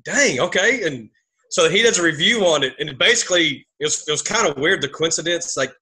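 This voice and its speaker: A man's voice: on the high side, expressive, fairly quick, bright, forceful tone. A man with a Texan accent hosting a podcast, talking in an enthusiastic, rambling way and laughing often. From Texas. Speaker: podcast host. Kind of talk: casual podcast chat.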